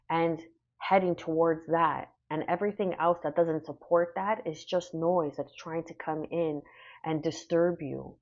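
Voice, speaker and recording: A woman's voice: on the low side, darkish tone, muffled recording. A woman doing a casual spoken tarot reading, rambling and reassuring with many fillers. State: hiccuping. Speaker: tarot reader.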